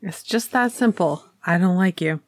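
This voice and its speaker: A woman's voice: on the low side, normal speed, no room sound, clean studio sound. A woman co-hosting a book podcast, chatting casually with wry quips. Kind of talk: casual chat.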